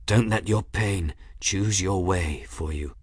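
A dying old monk, gentle and fading, each phrase quiet and strained, as a man narrator puts him on. The voice sits a little higher than the reader's own low tone, in a dry close recording. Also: slow pace, vocal fry, breathy edge, no echo, heavily acted. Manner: quiet, pained, faltering.

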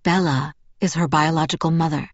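A woman reading an audiobook, voicing a calm and persuasive male vampire with a smooth, velvety tone. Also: low-pitched, no echo. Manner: measured, patient, firm. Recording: dull, dry audiobook recording.

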